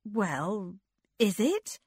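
Proud prim young woman, as a woman reads her, cool, defiant, lively pitch. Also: drawn-out words, slightly rough, dry recording, studio quality, heavily acted. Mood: cold.

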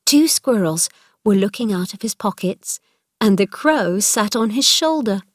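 A woman narrating a storybook chapter in a clear, measured reading voice. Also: mid-range voice, lively intonation, no room sound, studio quality.

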